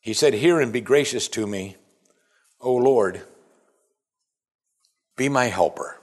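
A man preaching a sermon, reading scripture and acting out quoted voices in a raised, playful tone. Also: slow pace. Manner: animated, acts out quoted voices in a raised pitch. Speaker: pastor.

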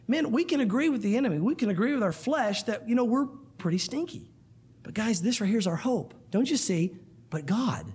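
A man's voice: high-pitched, expressive, fairly quick, darkish tone, slightly rough. A man preaching a sermon to a room of listeners, earnest and emphatic, often calling them guys. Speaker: pastor. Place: church room.

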